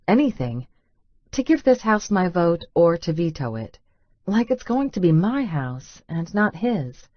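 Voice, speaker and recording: A woman's voice: lowish voice, no room sound, lo-fi sound. A woman narrating a first-person romance audiobook in an intimate, breathless inner-monologue manner.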